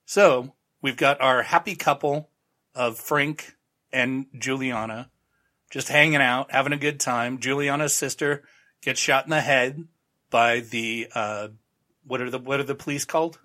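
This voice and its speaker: Bright-voiced, irreverent male podcast host. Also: mid-range voice, steady tone, a little slow. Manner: rambling, irreverent, sarcastic. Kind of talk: casual recap of a TV show.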